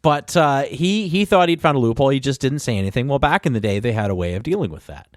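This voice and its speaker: A man's voice: medium pitch, expressive, quick pace, no room sound, clean studio sound. A man hosting a casual podcast chat, rambling through history and often chuckling as he corrects himself. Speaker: podcast host.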